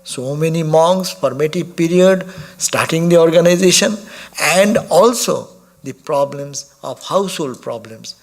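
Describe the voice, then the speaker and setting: Monk man preaching, kinda high voice, stops and restarts a lot, little laughs. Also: creaky. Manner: halting, repeats and restarts words while explaining; laughs softly while telling stories. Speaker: monk giving a talk. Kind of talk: sermon.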